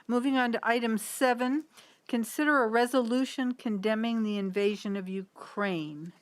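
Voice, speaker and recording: A woman chairing a town council meeting, moving briskly through agenda items and calling votes. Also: a little high, dry recording.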